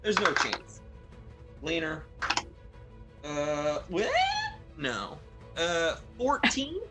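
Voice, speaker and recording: A woman player in a tabletop game, excitedly working through dice rolls and rules. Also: low voice, extremely slow, loud music behind the voice. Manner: excitable, chattering rules talk. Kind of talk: casual tabletop play.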